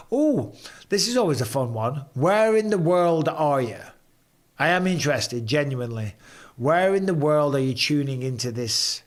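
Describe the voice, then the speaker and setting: A man hosting a casual live stream from home, chatting and reading viewer comments aloud with quick banter. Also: a little high.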